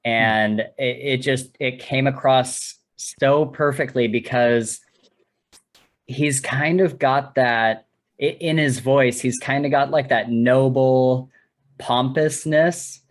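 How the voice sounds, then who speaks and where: A man's voice: medium pitch, fairly even intonation. A man co-hosting a podcast, talking casually and searching for words, full of "like" and "kind of". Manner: slow, searching, hedging with "like" and "kind of". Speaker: podcast co-host. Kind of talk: casual interview chat.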